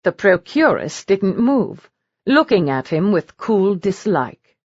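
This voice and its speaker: A woman narrating a romance audiobook in a measured storytelling manner. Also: medium pitch, big pitch swings, dry recording, dull audio.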